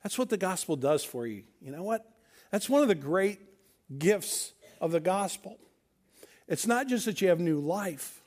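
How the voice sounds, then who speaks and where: A man from Missouri preaches a sermon in a fairly high voice. He makes emphatic points and acts out the dialogue of the people in his stories. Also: lively intonation, unhurried, darkish tone. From Missouri, USA. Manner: storytelling with acted-out dialogue, emphatic. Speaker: pastor.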